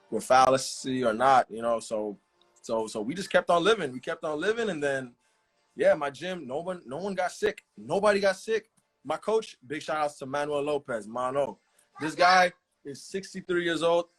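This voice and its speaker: A man who is a professional fighter, guesting on a casual live-stream interview and speaking relaxed, often repeating words. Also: a little high. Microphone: video call.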